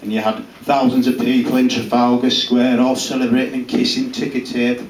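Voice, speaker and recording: A man's voice: mid-range voice, monotone, a little fast, lightly acted. A man playing a blunt, rambling male Cumbrian farmer in a live stand-up character act, speaking crudely with a Cumbrian accent. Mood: brash. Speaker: character comedian. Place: small pub comedy room, live audience. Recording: roomy, distant mic, noisy live room.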